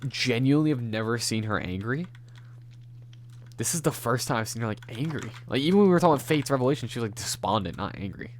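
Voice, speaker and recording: A man's voice: medium pitch, lively intonation, quick pace, a little hiss or hum. A man streaming a game, chatting casually and teasing his friend, swearing and laughing often. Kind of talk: casual chat on a gaming stream.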